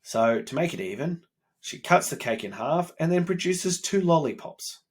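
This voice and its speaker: A man's voice: fairly high pitch, expressive, moderate pace, slightly rough. Blunt, profane man in his thirties. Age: 30s. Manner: blunt and profane, self-critical. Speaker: self-improvement vlogger, father. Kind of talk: candid personal monologue.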